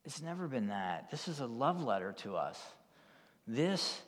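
A man's voice: medium pitch, big pitch swings, unhurried, big-room sound. A man preaching a sermon as a pastor, telling a story in a conversational way. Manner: storytelling, conversational with "you know" asides. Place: church.

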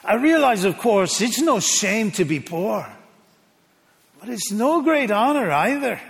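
A man's voice: sits high, very animated, measured pace, gravelly, voice pushed up, full character voice. A man voicing a poor middle-aged farmer who pleads with God in a wry, theatrical way. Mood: wry pleading. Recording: echoey hall reverb.

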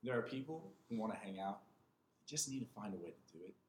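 A young man in his twenties speaks as a podcast guest, earnest and measured, in a fairly low voice. The room is roomy and echoey, with a faint hum of ambience behind him. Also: lively intonation. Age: 20s. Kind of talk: casual podcast chat, reading a passage aloud. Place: small room with other people.

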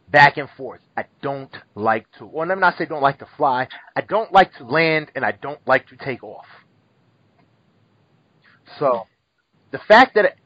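A man telling a rambling, profane story in casual chat, animated and full of restarts. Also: on the high side, slightly rough, dry recording. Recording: dull lo-fi recording.

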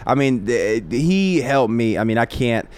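A man's voice: mid-range voice, lively intonation, darkish tone, clear, resonant tone. A man guesting on a casual podcast, telling rambling anecdotes with lots of swearing. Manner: rapid, rambling anecdotes with frequent profanity. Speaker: guest comedian. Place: home podcast room.

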